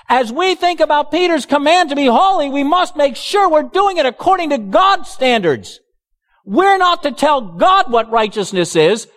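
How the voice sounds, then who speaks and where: A man's voice: extremely high pitch, fairly bright tone, long reverb tail. A male pastor preaching a sermon emphatically, with sarcastic asides.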